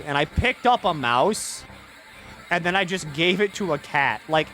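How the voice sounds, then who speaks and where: A man streaming a video game, reading its text aloud in a low mutter and breaking into rambling, jokey asides full of "like". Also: moderate pace, a bit bright. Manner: jokey, irreverent, swears.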